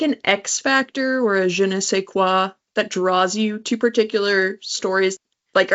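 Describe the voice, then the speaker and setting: A woman host asking an author curious, probing questions. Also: medium pitch. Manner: curious, inquisitive. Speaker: interviewer, podcast host. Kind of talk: interview questions. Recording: dull, muffled sound.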